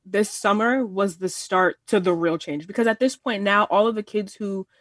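A woman's voice: medium pitch, moderate pace, a bit bright, no room sound. An earnest young woman around twenty shares her views in a loose, rambling way, often starting over and acting out little quotes. She sounds a bit far from the mic in a dry space. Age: 20s. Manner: earnest, rambling with many restarts and quoted asides. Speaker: panelist. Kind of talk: casual discussion.

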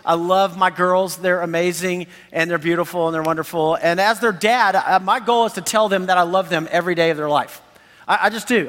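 Animated high-voiced male pastor, echoing hall. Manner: animated, enthusiastic, laughs often. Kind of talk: sermon. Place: church sanctuary. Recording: long hall reverb.

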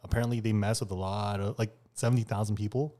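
A man's voice: fairly low pitch, fairly even intonation, fast talker, dark tone. A man in a casual group chat, rambling through an explanation with fillers like um and like.

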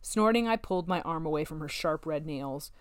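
A woman narrating a novel in the first person, with steady, wry storytelling. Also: sits low, fairly quick, smooth, no echo, studio quality. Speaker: audiobook narrator.

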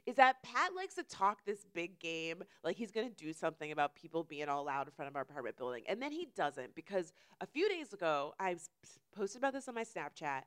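A young woman co-hosting a casual chat, telling stories with loud, high impressions of her neighbors and swearing freely. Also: sing-song, a little fast, clean tone. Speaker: podcast co-host.

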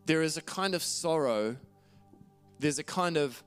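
A man's voice: medium pitch, expressive, a little slow, smooth, faint music behind. A man preaching a sermon in an earnest, conversational way, reading scripture aloud and often restarting his phrases. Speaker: pastor.

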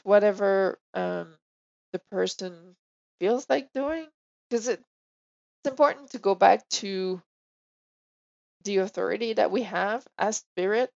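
A woman's voice: mid-range voice, a little slow, vocal fry, pauses often, darkish tone, muffled recording. A woman with a French accent, a medium speaking as an interview guest in casual, thoughtful chat.

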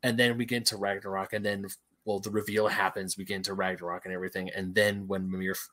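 A man's voice: low-pitched, level tone, fast, pushed and bright. A man co-hosting a casual gaming podcast, rambling through long stories with lots of restarts. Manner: rambling, many fillers and restarts. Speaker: podcast co-host.

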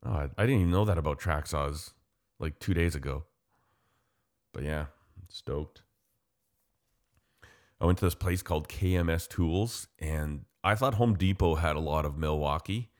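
Very deep-voiced enthusiastic Canadian man. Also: moderate pace, pauses often. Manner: enthusiastic, rambling, lots of fillers. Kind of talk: casual chat.

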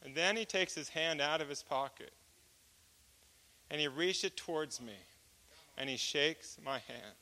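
A man preaching a personal testimony as an animated storyteller who acts out each exchange of dialogue. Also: on the high side, a little slow, long pauses. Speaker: speaker giving a testimony.

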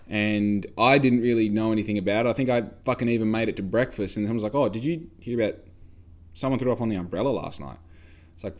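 A man's voice: mid-range voice, darkish tone. A young Australian man telling a rambling story in casual chat, swearing freely and acting out the voices of the people he quotes.

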